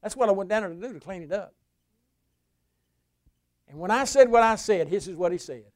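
Man, pastor, folksy sermon storytelling, hushed to loud, slightly high voice, dry close sound. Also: animated, fairly quick, long pauses, no echo. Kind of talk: sermon testimony.

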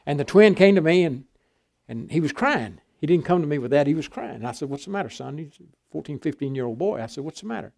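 An older man preaching a sermon, swinging from loud emphatic declarations to quiet, folksy storytelling. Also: on the high side, lively intonation, quick pace, vocal fry.

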